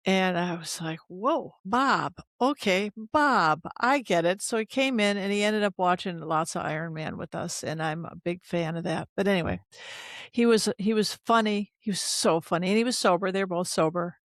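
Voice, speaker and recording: A woman's voice: fairly low pitch, no echo, clean studio sound. Chatty woman host. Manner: chatty, agreeing and prompting with quick asides. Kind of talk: casual chat. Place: home art studio.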